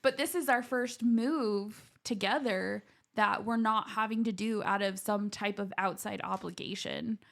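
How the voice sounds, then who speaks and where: A woman co-hosting a podcast in casual chat, chatty and animated, laughing often. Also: medium pitch, measured pace, creaky. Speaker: podcast co-host.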